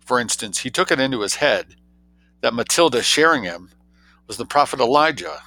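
A man reading an audiobook, voicing a droll young gentleman who tells tall tales in an arch, quick, mock-grave way. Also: medium pitch, lively intonation, voice pushed up, poor audio.

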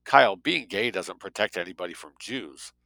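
A man voicing a pained, indignant woman in an audiobook, with a gravelly voice. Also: low-pitched, lively intonation, moderate pace, pushed and bright, no echo, heavily acted, rough recording. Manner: indignant, pleading.

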